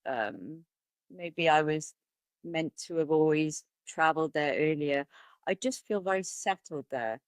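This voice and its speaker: Woman, podcast guest, candid, chatty, lowish voice, dry close sound. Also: lively intonation, a little slow, smooth, no room sound. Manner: candid, chatty, laughs easily. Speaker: podcast guest, martial artist. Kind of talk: conversational interview.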